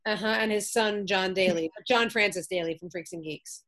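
A woman guest, an actress and comedian, telling stories in casual chat, lively, acting out the voices of others and swearing freely over a remote call. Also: mid-range voice, normal speed.

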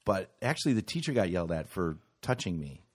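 A man telling a wild story in casual podcast chat, animated and profane, often laughing. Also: deep voice, brisk, slightly rough.

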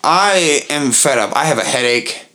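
A man's voice: medium pitch, moderate pace. Profane young man telling a rowdy story. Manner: profane, animated storyteller acting out others' pleading voices. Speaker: podcast co-host. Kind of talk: casual storytelling chat.

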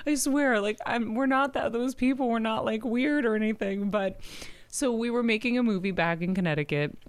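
A woman's voice: a little high, moderate pace, clean tone, dry recording. A woman radio host telling a story in casual chat, giggling often, using lots of fillers and acting out her own reactions. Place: radio studio.

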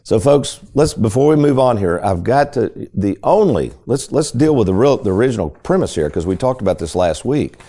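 A man's voice: medium pitch, animated, normal speed, few pauses, warm tone, a little hiss or hum. A man hosting a financial talk radio show, speaking in a folksy, emphatic way and often addressing listeners directly as folks.

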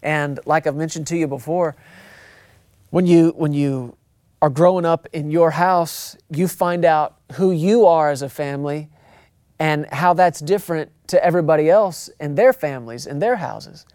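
A man's voice: on the high side, normal speed, darkish tone, no room sound, clean studio sound. A man preaching a sermon, talking conversationally, repeating phrases for emphasis and acting out quotes. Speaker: pastor.

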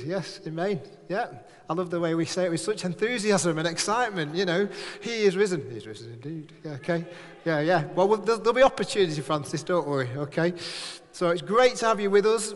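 A man leading a church service, giving notices in a chatty, joking, rambling way to a live congregation. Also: high-pitched. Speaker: church leader. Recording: echoey hall.

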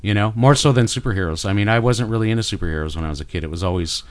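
A middle-aged Canadian man with a Canadian accent, guesting on an interview, speaks in a lowish voice at a rapid-fire clip with no room sound. He's a guest artist in casual chat, rambling and enthusiastic, full of fillers and restarts.

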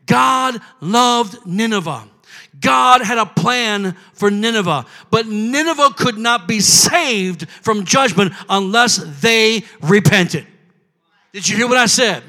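A man preaching a sermon as pastor, calling out to his congregation and rising to shouts. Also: high voice, animated, unhurried.

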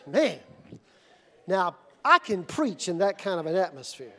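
A male pastor preaching a sermon in a church, moving from calm teaching to shouted, energetic call-and-response. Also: sits high, measured pace, a faint crowd. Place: church sanctuary.

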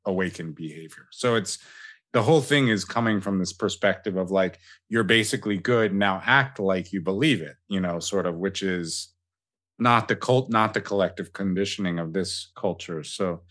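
Low-voiced reflective podcast host man. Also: normal speed, a bit bright. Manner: reflective, loose, with fillers and hedging asides. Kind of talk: casual conversational interview.

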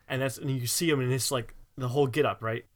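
Dude rambling about a movie, relaxed and chatty, laughs along. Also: male voice, medium pitch, fast. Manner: loose and chatty, many fillers, laughs. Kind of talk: casual movie discussion.

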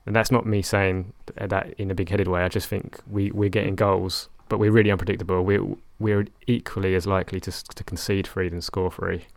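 A man's voice: deep voice, little pitch movement, brisk, creaky, few pauses, no echo. A young man talking casually about his football management game, rambling and correcting himself with a wry tone. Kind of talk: casual chat.

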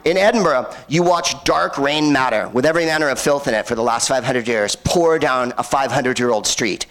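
A man works a cinema crowd with loose, sardonic stand-up banter. He wanders through tangents full of "uh"s and dry asides, and his voice sits at a middling male pitch. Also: a bit bright. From United States. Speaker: comedian hosting a film screening. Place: cinema stage before a live audience.

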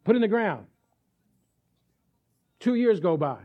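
A man preaching to his congregation in a high, swooping voice that rises and falls with every point. He keeps the room with him by checking in often. He plays out little everyday scenes as he goes. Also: very animated, measured pace, long pauses. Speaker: pastor. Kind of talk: sermon.

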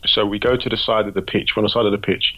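A man from Britain, a creative director, telling animated, slangy anecdotes in a casual podcast interview. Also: fairly low pitch, very fast, lo-fi sound.

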